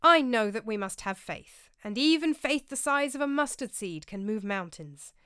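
A woman voicing an excitable medieval monk who pleads fervently and rises to high exclamations. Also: moderate pace, smooth, dry recording, clean studio sound.

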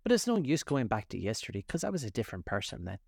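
Alice, a curious polite young girl from a storybook, speaking high and earnest with a lively, rising and falling lilt, as a man puts her on. Her voice sounds wide-eyed and wondering. It is a read-aloud storybook scene. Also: quick pace, creaky, slightly rough, no echo, heavily acted.

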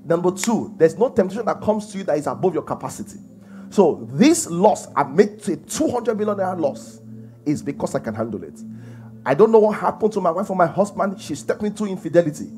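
A man's voice: high-pitched, very animated, fairly quick, a little mellow. A man preaching a sermon, emphatic and full of rhetorical questions. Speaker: pastor.

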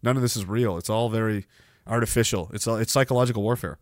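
A man hosting a livestream, reading chat comments with profane, sarcastic rants and loud mocking outbursts. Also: fairly low pitch, quick pace, dry recording, clean studio sound. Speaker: livestream host.

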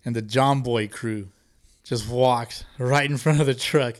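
A man's voice: medium pitch, unhurried. Profane laughing male podcast host. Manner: profane, animated storytelling with lots of laughing. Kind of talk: casual chat.

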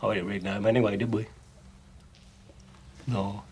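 A man's voice: on the low side, level tone, a little fast, darkish tone, husky. A man playing his character in a tabletop game, talking in a folksy, chatty way with loose grammar. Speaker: player. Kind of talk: in-character tabletop role-play.

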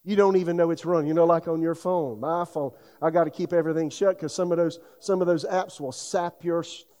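A man's voice: on the high side, steady tone, fairly quick, mellow. A middle-aged man preaching a sermon in a folksy, conversational way, full of asides. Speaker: pastor.

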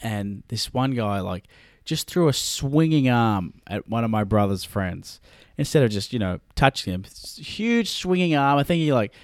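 A man's voice: medium pitch, lively intonation, moderate pace, hardly any pauses, dry recording, clean studio sound. A man co-hosting a casual podcast, telling stories animatedly and laughing often. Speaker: podcast co-host. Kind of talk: casual chat.

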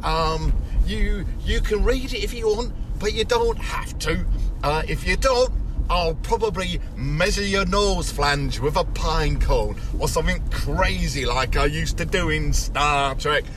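A man's voice: on the high side, unhurried, lightly acted. A man leaving a voicemail while putting on a rambling, bumbling celebrity-actor voice that drifts between accents. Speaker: voicemail caller. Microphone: phone. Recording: noisy outdoor voicemail with traffic.

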